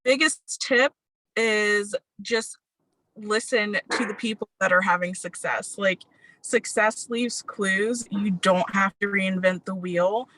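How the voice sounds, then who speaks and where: A woman's voice: mid-range voice, fairly even intonation, slow, fairly bright tone, no echo, low-quality recording. A woman on a video call giving casual, chatty advice. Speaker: guest on a team video call.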